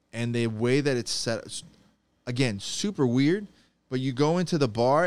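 A man with a smooth, clear voice chats casually on a podcast. He laughs often and tells stories animatedly, acting out the people in them. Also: mid-range voice. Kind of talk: casual chat.

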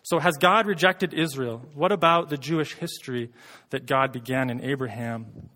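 A man's voice: mid-range voice, moderate pace, sharp tone, big-room sound. A man from Canada preaching a sermon as pastor, conversational and earnest, often repeating words as he thinks aloud.

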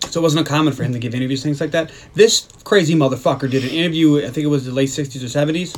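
A man's voice: on the high side, very fast. A man co-hosting a movie podcast, casually retelling the plot in a rambling way, swearing and acting out lines from the scenes. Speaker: podcast co-host.

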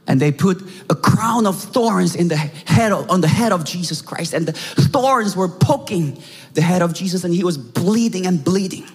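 A man with a Korean accent preaching a dramatic sermon, acting out scenes with shouts and hushed lines. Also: fairly high pitch, expressive, normal speed, husky. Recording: reverberant hall with faint music.

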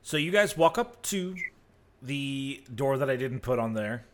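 A man narrating as game master of a tabletop game, relaxed and self-deprecating. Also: mid-range voice, unhurried, a little hiss or hum.

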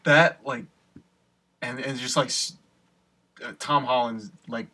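A young man chats casually, swearing and repeating words as he enthuses. His tone is bright. He sounds a little distant from the mic. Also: mid-range voice, fairly even intonation, slow. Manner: loose, profane, repeats words while enthusing. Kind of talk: casual chat.

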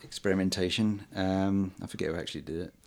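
Deep-voiced man rambling about old films. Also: fairly even intonation, a little mellow, slight background noise. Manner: halting, many ums and uhs, chuckles often. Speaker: podcast host reviewing old films. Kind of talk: casual chat.

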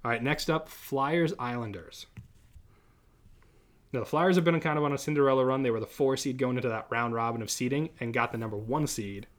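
A man's voice: medium pitch, fairly quick. Guy hosting a sports podcast, laid-back chatty, laughs a lot mid-story. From Massachusetts. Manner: chatty, laughs often while telling stories. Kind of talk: casual chat.

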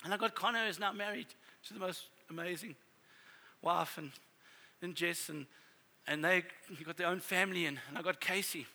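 A middle-aged man preaching a sermon as a pastor, telling family stories in a conversational, animated way. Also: sits high, moderate pace, vocal fry.

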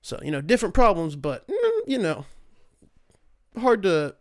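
A young man talks through a loose solo show. He rambles, swears freely and leans on sarcasm, and his voice sits a little higher than most men's. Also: expressive, normal speed, no room sound, studio quality. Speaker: podcast host. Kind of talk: casual solo commentary.

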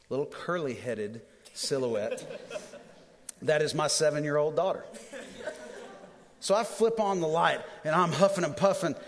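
Male pastor in his thirties, higher-pitched voice, animated storyteller, sermon in a big echoing hall. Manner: animated storyteller, self-deprecating humor. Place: church auditorium. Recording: long hall reverb.

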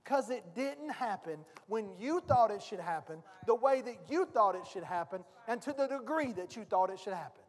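A man's voice: sits high, lively intonation, normal speed, few pauses. A man, the pastor, preaching an informal, folksy sermon and firing rhetorical questions at the congregation. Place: church sanctuary. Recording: long reverb of a church hall.

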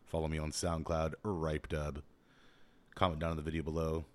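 A man's voice: a bass voice, flat delivery, normal speed, darkish tone. A young man chatting casually in a home-studio vlog, loose and rambling, correcting himself as he goes. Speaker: beatboxer and home-studio YouTuber.

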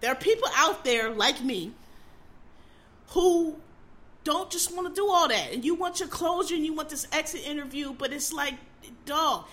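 A woman's voice: high voice, lively intonation, moderate pace, a bit bright. A middle-aged woman ranting casually as a host, blunt, profane and exasperated, hammering her points by repeating them. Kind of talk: casual opinion rant.

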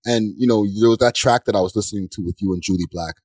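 A man hosting a casual interview, reacting with a relaxed, slangy way of talking and some swearing. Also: fairly low pitch, fast talker, no room sound. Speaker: interviewer host.

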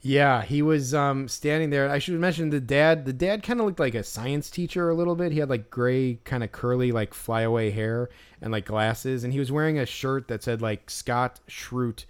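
Smooth-voiced man telling a rambling story. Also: mid-range voice, normal speed. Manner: rambling storyteller, many "like" fillers. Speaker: podcast co-host. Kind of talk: casual chat.

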